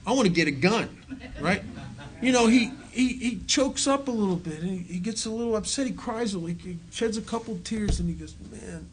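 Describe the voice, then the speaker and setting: A man's voice: sits high, expressive, fairly quick, a little hiss or hum. Self-mocking middle-aged man telling stories. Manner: self-mocking storyteller who laughs at his own jokes; conversational, full of restarts and asides to the audience. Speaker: recovery program speaker. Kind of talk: talk to a recovery audience.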